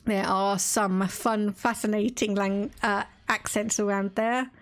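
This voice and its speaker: Her medium-pitched voice is fairly even, a little slow and hardly pauses at all. The English woman, who has an Estuary accent, gives casual live-stream commentary on a strategy game, laughing and reading game text aloud.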